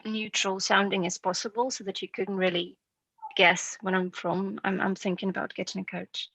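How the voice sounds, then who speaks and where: Bright, modest young woman, British accent. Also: medium pitch, flat delivery, moderate pace, gravelly, no echo, poor audio. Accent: British English. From Russia. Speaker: drama student.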